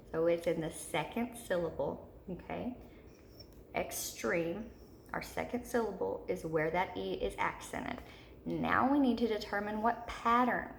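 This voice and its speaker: A woman teacher giving a slow, repetitive recorded video lesson to third graders. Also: fairly low pitch, gravelly, reverberant, a little hiss or hum.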